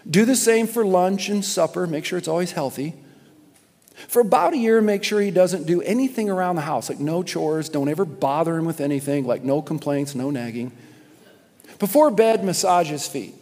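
A man voicing a grave male doctor who speaks slowly and quietly, inside a sermon's story. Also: on the high side, expressive. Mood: advising. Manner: slow, solemn and quiet. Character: grave, hushed male doctor giving bad news. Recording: long hall reverb.

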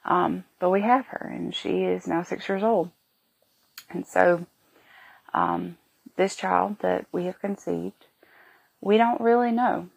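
A woman in her thirties telling a personal story on her podcast in an emotional, halting way, feeling sick and worn. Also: on the low side, steady tone, vocal fry, slightly rough. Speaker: podcast host.

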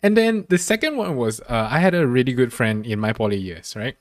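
Give me a man chatting on a comedy podcast whose voice leaps up and down as he tells a story. He laughs through his lines and gets loud when he acts out his own outbursts. The sound is close and dry. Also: mid-range voice, lively intonation, brisk, dry recording. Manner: laughs often while talking. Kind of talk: casual podcast chat.

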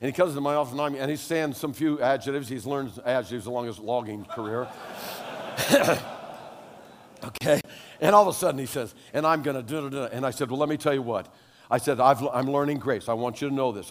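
A man's voice: mid-range voice, a little fast. Older male pastor preaching in a reverberant hall. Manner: animated storytelling, rising to loud exclamations. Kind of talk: sermon with personal stories.

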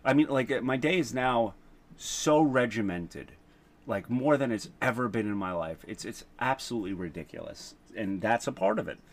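A man's voice: medium pitch, animated, normal speed. A man co-hosting a podcast in casual chat, rambling and self-mocking with lots of fillers. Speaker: podcast co-host.

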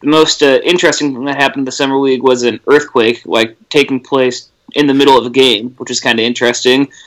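A man's voice: medium pitch, steady tone, fast talker, a bit bright. A young man co-hosting a casual sports podcast, teasing his friends with funny stories. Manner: teasing storyteller, laughs often. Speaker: podcast co-host.

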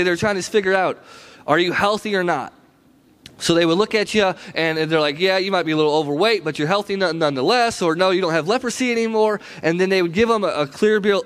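High-voiced man preaching conversationally. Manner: conversational storytelling, frequent "right?" asides. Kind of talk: sermon.

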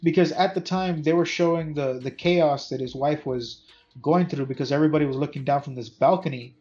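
A man in a casual podcast chat about a movie, relaxed and slangy, asking questions about the plot. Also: fairly high pitch, fairly quick. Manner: laid-back, uses slang like dude. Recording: dull lo-fi audio with faint music.

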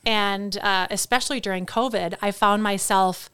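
Smooth-voiced chatty woman, dry studio. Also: medium pitch, normal speed, no room sound. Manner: chatty, animated storyteller. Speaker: podcast guest. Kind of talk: casual interview chat. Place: podcast studio.

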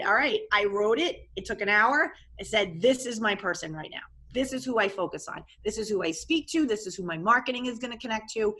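Woman, life coach, casual interview, animated, expressive, bright tone, slightly high voice.

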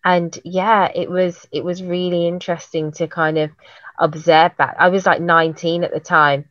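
A woman with a British accent and Jamaican roots tells stories in a casual chat, acting out the voices of the people she met. Her voice sits a little low. The recording is dry and slightly dull, as if captured close on a modest mic. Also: moderate pace, dry recording. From Jamaican heritage, raised in Britain. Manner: animated storyteller, acts out quoted voices.

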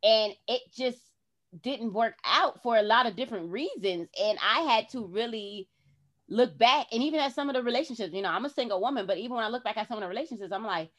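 A woman's voice: fairly high pitch, quick pace, fairly bright tone. A woman hosting a podcast, talking in a casual heart-to-heart way and acting out her own past words expressively. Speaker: podcast host.

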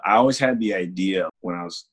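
Husky and low, a little fast, the voice belongs to a young man, a security guard and author, casually telling a story during an interview. Relaxed overall, he becomes animated when quoting other people.

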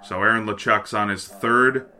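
A man co-hosts a loose sports chat show, with a very bright, edgy tone in a fairly low voice. He swears casually and rattles off trade news between jokes. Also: steady tone. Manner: profane, offhand, reads news items quickly. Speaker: podcast co-host.

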